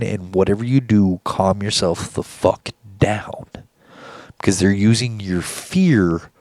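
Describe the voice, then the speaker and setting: Low-voiced man, profane and rambling. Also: no echo. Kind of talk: casual monologue recounting an encounter.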